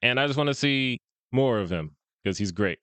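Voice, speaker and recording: A man's voice: mid-range voice, lively intonation, moderate pace, fairly bright tone, no echo. A man co-hosting a podcast, chatting casually about fan casting and laughing often. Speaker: podcast co-host.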